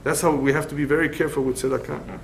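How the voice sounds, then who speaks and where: A man's voice: a little high, very fast, vocal fry, a little hiss or hum, rough recording. A middle-aged man, a rabbi, giving a Torah study lecture, emphatic and fond of repeating his key points. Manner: lively storyteller.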